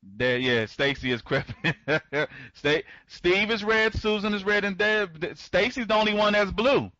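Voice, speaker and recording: Hosting an online members' conference as a live webinar, a man with a fairly high voice rambles, circles back over the same points, and greets people by name as they join, restarting and stammering often. His delivery is animated and a little slow, with a sharp tone. The audio is dull and lo-fi, dry and close, with no echo.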